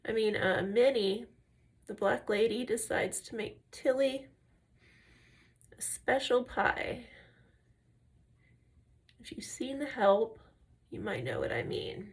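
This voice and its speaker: A woman chatting casually while doing her makeup, telling stories and talking through each step. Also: fairly high pitch. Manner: chatty storyteller, drifts between tangents; step-by-step tutorial talk. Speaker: makeup and faith vlogger.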